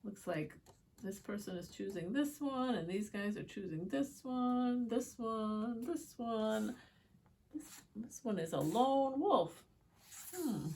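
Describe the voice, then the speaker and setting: Lady doing kids story time, chatty asides, asks the kids stuff, slow and lively, bit of gravel in her voice. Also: on the high side, a little hiss or hum. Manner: chatty asides, asks the young viewers questions. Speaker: children's story time reader. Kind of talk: reading picture books aloud to children.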